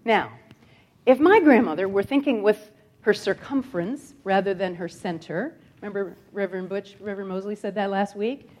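A woman spiritual teacher giving a sermon that mixes stories with slow, repeated emphatic lines, moving between soft and loud. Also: medium pitch. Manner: expressive, swings from soft to loud. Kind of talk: sermon with storytelling.

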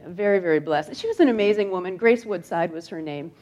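A woman's voice: fairly low pitch, fast talker, highs cut off. Woman giving a storytelling sermon. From upstate New York. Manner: conversational storytelling, drops to a hushed near-whisper on grave moments. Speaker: guest speaker.

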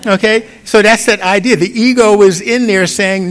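A man's voice: high voice, fairly even intonation, moderate pace, hardly any pauses, a bit bright. A middle-aged man giving an informal Sunday sermon, talking conversationally and often checking in with "you get it?". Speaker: pastor.

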